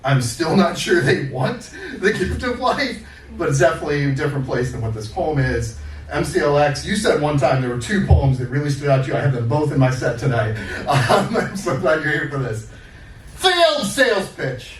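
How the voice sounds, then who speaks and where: A man's voice: on the high side, expressive, brisk. A man, the featured poet, chatting casually with the audience between poems, friendly and laughing with lots of fillers. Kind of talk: casual banter at an open mic. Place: live open mic at a studio. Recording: roomy, distant mic, faint room noise.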